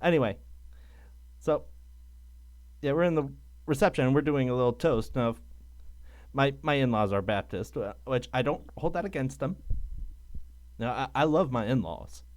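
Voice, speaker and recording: A man's voice: mid-range voice, expressive, moderate pace, pauses often. A man co-hosting a podcast, telling stories in a dry, wry casual chat. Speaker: podcast co-host.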